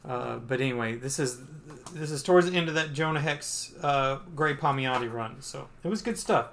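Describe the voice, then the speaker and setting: A man's voice: mid-range voice, moderate pace, a bit bright. Casual comic-book podcast host, man. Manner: casual, filler-heavy, playful. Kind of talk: casual chat, retelling a comic.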